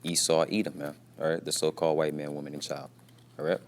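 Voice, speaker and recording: Deep-voiced man giving a scripture lesson. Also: flat delivery, fast talker. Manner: repetitive, peppers talk with "man" and "you see"; speaks quietly at times, mindful of being at work. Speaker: scripture teacher. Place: at his workplace.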